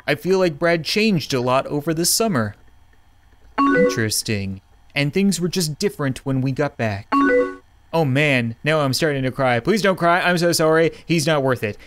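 A man's voice: on the high side, background noise. A young man playing a chat game, reading messages aloud in a jokey, mock dramatic way. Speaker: gaming YouTuber.

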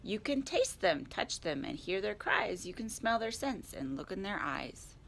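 A woman at a library storytime, reading a picture book aloud in a clear, expressive way. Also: mid-range voice, unhurried, a little hiss or hum.

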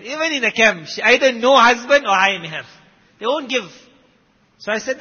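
Bright-voiced South African preacher man. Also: extremely high pitch, lively intonation, normal speed, husky. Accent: South African Indian English. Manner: emphatic, rising and dropping loudness. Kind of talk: sermon storytelling. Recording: muffled recording with long hall echo.

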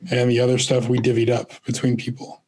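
A man playing in a tabletop game, speaking in a plain, steady way. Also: medium pitch, fast. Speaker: player. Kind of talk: casual chat at a tabletop game.

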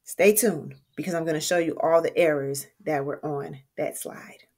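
A woman's voice: low-pitched, steady tone, normal speed, a little mellow. A woman teacher giving a recorded writing lesson in a friendly, conversational way, explaining step by step.

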